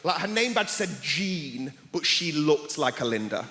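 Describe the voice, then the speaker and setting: A man's voice: on the high side, sing-song, a little slow, a little hiss or hum. A young man doing stand-up, telling a story with put-on voices for the people in it. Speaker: stand-up comedian. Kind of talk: stand-up set. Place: large theater stage. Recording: echoey hall with loud crowd laughter.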